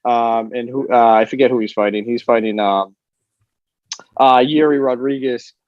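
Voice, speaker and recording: A man co-hosting a sports talk show, giving quick, opinionated fight analysis. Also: medium pitch, steady tone, no room sound, phone-quality sound. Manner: opinionated, fast-talking analysis. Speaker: co-host. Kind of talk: casual sports chat.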